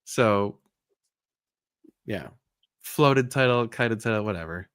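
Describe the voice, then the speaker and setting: A man hosting a casual live chat, telling a story with lively bursts and frustrated sighs. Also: lowish voice, slow, smooth, dry recording, studio quality. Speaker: host.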